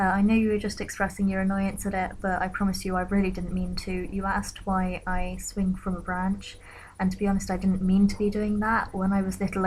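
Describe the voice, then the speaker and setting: A young woman in her late teens recounting a personal story in a quiet, reflective way, sometimes dropping to a whisper. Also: medium pitch, slight background noise, rough recording. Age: young adult. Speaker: vlogger.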